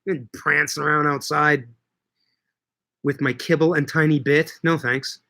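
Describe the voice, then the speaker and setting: A middle-aged Canadian man, a market grower, hosts a casual livestream, answering viewer comments while joking and swearing casually. His voice is a little high, pushed and bright, with fairly even intonation and a slightly slow pace.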